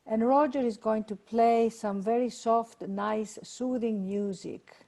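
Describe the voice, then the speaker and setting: A woman leading a guided meditation and prayer over a video call, speaking in a slow, soothing way. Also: fairly high pitch, steady tone, mellow. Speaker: workshop leader.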